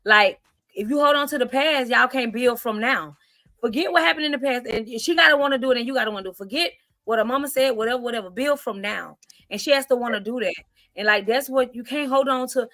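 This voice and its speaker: A woman in her forties with a fairly high voice talks earnestly and encouragingly, leaning into a preachy tone as she gives advice. Her voice is close and dry, with no room echo. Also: quick pace, pushed and bright. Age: 40s. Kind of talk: podcast talk.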